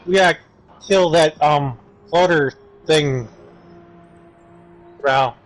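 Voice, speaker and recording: A man's voice: fairly high pitch, slow, faint music behind, poor audio. A man chatting on a gaming stream, rambling through long explanations over voice chat. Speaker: streaming guest.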